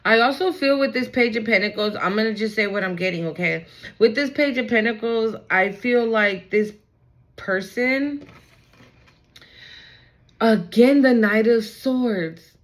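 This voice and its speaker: Her voice is a little high and her delivery a little slow as she gives a casual tarot reading. Animated and chatty, she swears freely and keeps checking in with her audience using "okay?" and "right?".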